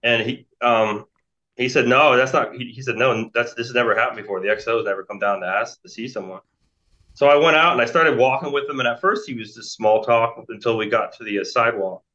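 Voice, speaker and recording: In a dull, lo-fi recording, an interview guest, an American man in his forties, tells a lengthy story casually, rambling with frequent fillers and restarts. He talks a little fast, his medium-pitched voice pushed and bright.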